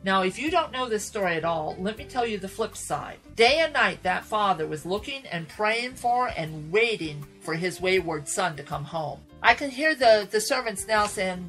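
A woman radio Bible teacher retelling a Bible story in a dramatic, animated way, speaking to listeners as folks. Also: medium pitch, moderate pace, few pauses, soft background music. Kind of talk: sermon storytelling.

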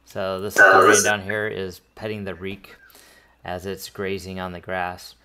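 A man's voice: sits low, monotone, measured pace, pushed and bright, slight background noise. A man narrating as game master of a tabletop game, rambling with many restarts.

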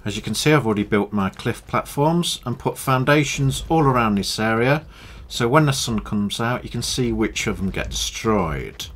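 A young man calmly explaining his gameplay tests in a matter-of-fact commentary. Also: medium pitch, normal speed. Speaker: gaming YouTuber.

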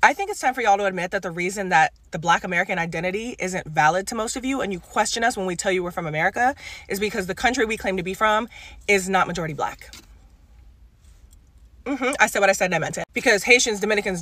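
Speaker, fast assertive sarcastic monologue, bright sharp tone, dry close sound. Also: mid-range voice, no echo. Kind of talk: social media opinion monologue.

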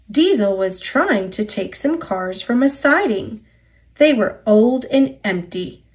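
A woman reading a children's picture book aloud in an expressive storyteller's voice. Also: mid-range voice. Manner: expressive, lively character voices.

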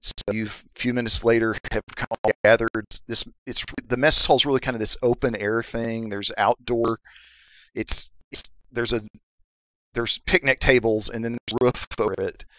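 Bright-voiced man running a tabletop game. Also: mid-range voice, fairly even intonation, dry recording, low-quality recording. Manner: improvised, halting scene-setting with restarts. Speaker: game master.

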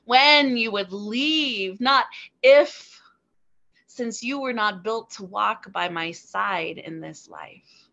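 Slow, bright-voiced woman poet. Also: medium pitch, gravelly. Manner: measured, deliberate delivery with weighted pauses. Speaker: spoken word poet. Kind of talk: slow spoken word poetry reading. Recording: dull, slightly lo-fi sound.

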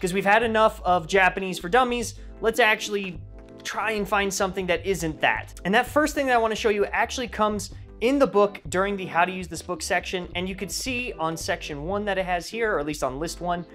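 Energetic jokey man reviewing a textbook. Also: fairly quick, soft background music. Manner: energetic, jokey, self-mocking, with big pitch jumps. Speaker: language-learning reviewer. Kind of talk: casual textbook review vlog.

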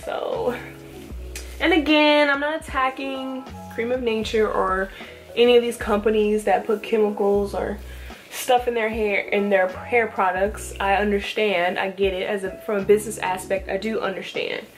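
With faint music behind her, a natural hair vlogger talks through a hair product review at home in a casual, rambling way with chatty asides, captured on a camera mic. Her voice is medium-pitched, steady and moderately paced.

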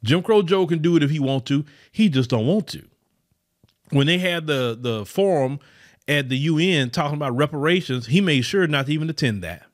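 A man delivers fervent podcast commentary in a fairly high voice. His pitch swings widely as he hammers his points home. He repeats phrases and speaks straight to his listeners as y'all. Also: expressive, normal speed. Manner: preachy, repetitive, addresses listeners as y'all; mocks others in high put-on voices. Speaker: podcast host. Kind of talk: impassioned political commentary.

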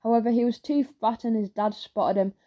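A woman narrating a children's audiobook in a lively storytelling manner. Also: a little high, brisk, muffled recording. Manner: lively storytelling with character voices.

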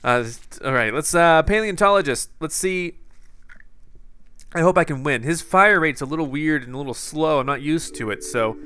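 A young man doing excited gameplay commentary, panicking and yelling in bursts, then settling into calm, chatty talk. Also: a little high, normal speed, clear, resonant tone, dry recording. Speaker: gaming YouTuber.

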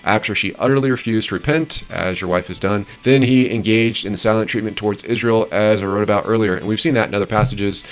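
A man's voice: fairly low pitch, steady tone. A man reading passages aloud and adding his own rambling, casual commentary with frequent restarts. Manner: shifts between measured reading and rambling asides with restarts. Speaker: host reviewing marriage advice.

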